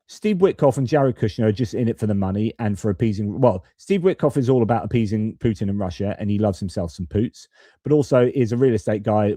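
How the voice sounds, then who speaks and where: A man with a lowish, mellow voice talks through a live stream, reading viewer comments and giving his own rambling, opinionated takes. He often stops and corrects himself mid-thought. The sound is close and dry, with no room around it. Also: no room sound. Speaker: host of a live-stream geopolitics channel.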